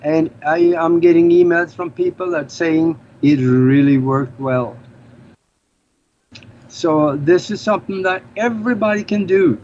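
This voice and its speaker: A man's voice: on the high side, a little slow, a little mellow. Norwegian-born man, earnest and explanatory. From Norway. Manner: earnest, explanatory, slightly non-native grammar. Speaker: guest. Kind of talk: casual interview talk. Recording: slightly dull lo-fi audio with faint noise.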